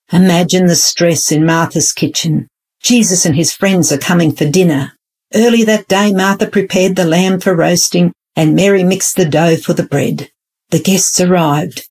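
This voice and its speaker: A woman reading a scripted devotional Bible story in a measured, earnest way. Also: on the low side, a little mellow, slightly rough. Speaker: devotional narrator. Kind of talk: scripted devotional narration with prayer.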